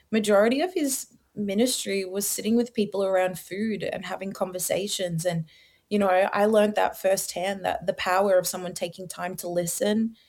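A young adult woman, telling her personal testimony as a podcast guest in an animated, slangy way. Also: medium pitch. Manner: animated storyteller, slangy, many likes and ums.

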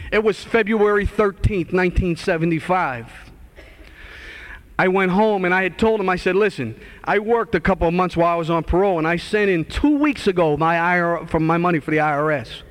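A man in his forties giving an earnest, animated testimony. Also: high voice, fairly quick. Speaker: guest speaker sharing testimony. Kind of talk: testimony talk.

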